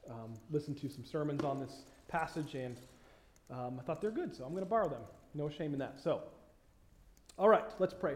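Male pastor, high voice, conversational sermon with emphatic questions, echoey church hall. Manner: conversational, many fillers and pauses, rising to emphatic questions. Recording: echoey room.

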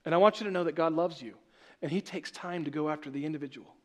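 Pastor guy preaching, highish voice, gets loud then drops quiet, lots of questions to the crowd. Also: fast. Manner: emphatic, rhetorical questions, swings loud to soft. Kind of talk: sermon.

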